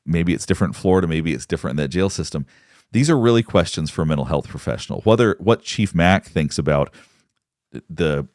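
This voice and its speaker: A man, a psychologist, giving measured, explanatory commentary on court footage. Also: sits low, a little mellow, no room sound, clean studio sound. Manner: explanatory, measured, pauses to point things out. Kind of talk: analytical commentary.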